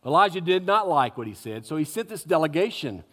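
A man's voice: a little high, big pitch swings, a little fast, a bit bright. A man preaching a sermon, retelling a scripture story dramatically with wry humorous asides. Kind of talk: expository sermon. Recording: echoey hall.

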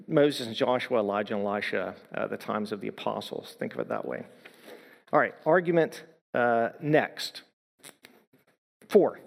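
A man preaching a sermon in earnest, measured phrases, slowing down to stress quoted lines. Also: fairly high pitch, gravelly. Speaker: pastor. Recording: long hall reverb.

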